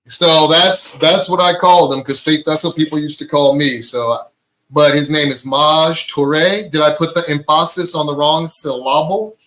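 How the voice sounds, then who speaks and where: Bright-voiced joking male co-host. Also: a little high, normal speed, poor audio. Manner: joking, laughs often. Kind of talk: casual chat.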